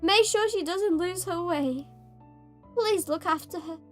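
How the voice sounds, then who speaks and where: Girl streamer doing a really high, soft tired schoolgirl saying bye, faint music under it. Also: measured pace. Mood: somber farewell. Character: weary, tender schoolgirl saying goodbye.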